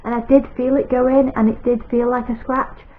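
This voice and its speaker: A woman's voice: fairly high pitch, level tone, moderate pace. A British woman vlogging in casual chat to camera, telling her story in a rambling, anxious way. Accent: British English. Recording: tinny phone-like sound with faint noise.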